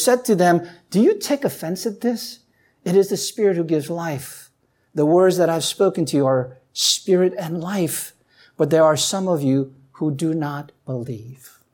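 Preaching a sermon, a woman reads passages of scripture and asks the congregation questions. She builds to forceful high points, then sinks back to a low, hushed voice.

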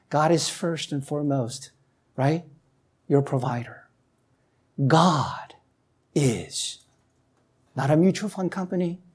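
A woman preaching a sermon who reads scripture aloud and asks the listeners questions. She climbs to emphatic peaks, then drops low and quiet. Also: husky.

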